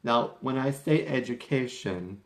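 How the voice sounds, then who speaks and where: A man's voice: medium pitch, animated, measured pace. A young man talking casually to camera in a vlog, chatty and rambling. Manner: chatty and rambling, with restarts and quoted asides. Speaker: vlogger.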